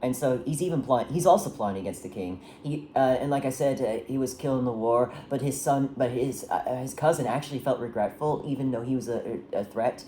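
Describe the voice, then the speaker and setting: A woman's voice: a bass voice, fairly quick, few pauses, dark tone, a little hiss or hum. A woman casually retelling the plot of a historical drama, rambling with many restarts and fillers. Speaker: storyteller recapping a historical drama. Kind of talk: casual chat.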